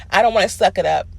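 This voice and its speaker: A man's voice: high voice, vocal fry, fairly bright tone, slightly rough, pitched above the performer's own voice, exaggerated voice. A man mocking a whiny self-pitying woman. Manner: mocking, whining.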